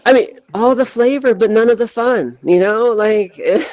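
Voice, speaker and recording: A woman's voice: on the high side, moderate pace, darkish tone, poor audio. A woman co-host telling raunchy comic stories, laughing often and talking crudely. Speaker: co-host and bartender. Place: virtual reality social app.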